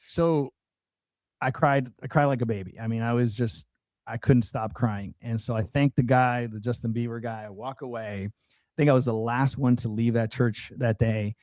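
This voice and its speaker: A man's voice: mid-range voice, fairly even intonation, normal speed, darkish tone, dry recording. A man, a podcast guest, earnestly telling a personal testimony in conversation, with many restarts and fillers.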